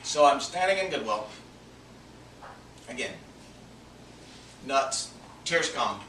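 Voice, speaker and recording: A man's voice: medium pitch, lively intonation, a little slow, bright, forceful tone. A man and minister telling a personal story in a sermon, earnest and confessional, dropping to a near-whisper for his inner thoughts. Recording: echoey from a distance, faint background noise.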